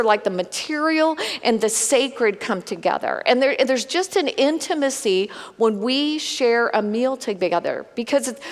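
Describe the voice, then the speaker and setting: Woman leading a women's Bible study, lively and chatty, fairly high voice, echoing large room. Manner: conversational, animated, talks straight to the group.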